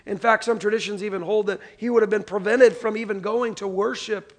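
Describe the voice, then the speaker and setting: A man's voice: high-pitched, brisk. A man preaching a sermon, reading scripture aloud and asking the congregation to repeat words back to him. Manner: animated, call-and-response with congregation. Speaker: pastor.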